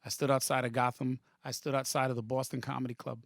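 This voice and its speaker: A man's voice: mid-range voice, fast, gravelly, dry recording, studio quality. A man, a comedian guest on a podcast, telling stories animatedly and with profanity, acting out the quotes. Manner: profane, excited, acts out quotes. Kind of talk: animated storytelling in a podcast interview.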